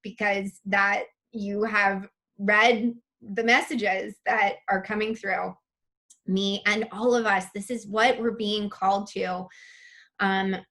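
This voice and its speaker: A woman's voice: medium pitch, fairly bright tone. A woman presenting a live online spiritual masterclass, reading chat comments aloud and gushing over them with open emotion.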